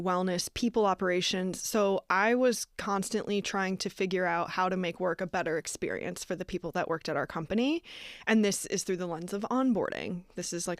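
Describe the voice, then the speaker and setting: A woman's voice: mid-range voice, dry recording. A woman hosting a casual conversation, chatty and upbeat, recorded in a studio. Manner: chatty, upbeat, uses many fillers. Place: small studio. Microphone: studio microphone.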